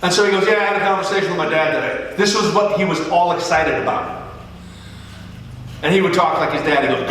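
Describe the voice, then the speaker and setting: A middle-aged pastor tells stories in a sermon, putting on the voices of the people in them. His voice is high and bright. It carries through a large church hall, with long reverb, picked up from a distance. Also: quick pace, a little hiss or hum. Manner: joking, animated storyteller who acts out dialogue. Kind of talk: storytelling sermon.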